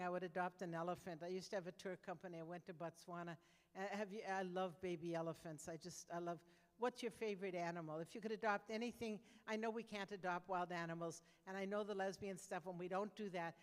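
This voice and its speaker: A woman's voice: mid-range voice, big-room sound. An older woman doing stand-up comedy, telling brash, conversational stories with frequent restarts.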